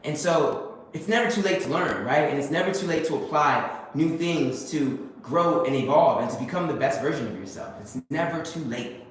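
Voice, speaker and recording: A man's voice: on the high side, animated, moderate pace. A man giving a casual motivational monologue, full of fillers and repeated phrases. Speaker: host. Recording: very echoey room with faint noise.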